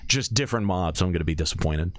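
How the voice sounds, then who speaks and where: A man hosting a gaming podcast live, chatting casually with co-hosts and callers in an animated, joking way. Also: sits low, fast, no echo. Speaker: podcast host. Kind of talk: casual chat.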